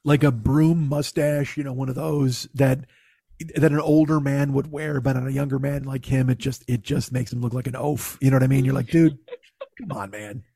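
A man's voice: medium pitch, little pitch movement, fairly quick, creaky, warm tone, husky, no echo, studio quality. A man telling a casual, profane story in his own voice. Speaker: podcast host telling a story.

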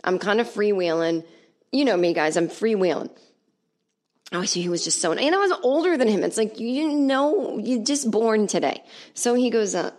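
A woman's voice: mid-range voice, animated, moderate pace, darkish tone. A woman from Los Angeles telling a comedy story at home on her podcast, chatty and sarcastic and swearing freely.

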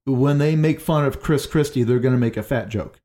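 A man with a medium-pitched, mellow voice talks fairly quickly during a casual panel discussion, working through ideas out loud. His delivery is loose, with lots of fillers and frequent "like."

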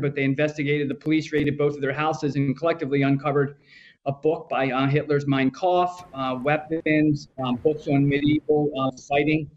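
A man's voice: a little high, darkish tone, dull audio. Easygoing man giving a news rundown. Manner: easygoing, frequent "uh" fillers. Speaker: legal news correspondent.

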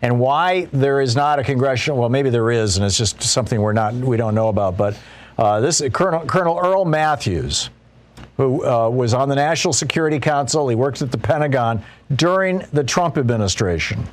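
A man's voice: mid-range voice, animated, brisk. Man giving rambling political commentary. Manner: conversational, restarts often, mocking quoted voices. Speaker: political talk show host.

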